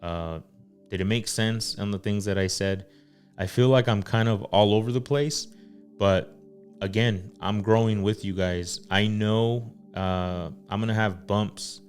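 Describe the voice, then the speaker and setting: A man with a deep, low-pitched voice talks earnestly about faith and family as a podcast host. He speaks casually and often pauses or says um mid-thought. Soft music plays faintly in the background. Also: steady tone. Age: adult father. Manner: earnest, full of fillers and pauses. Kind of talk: casual faith-based talk.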